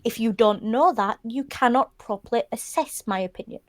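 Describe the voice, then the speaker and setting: A woman's voice: a little high, normal speed, no echo. Blunt woman on a dry podcast mic. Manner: blunt, sweary and explanatory. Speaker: podcast co-host. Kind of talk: casual panel discussion.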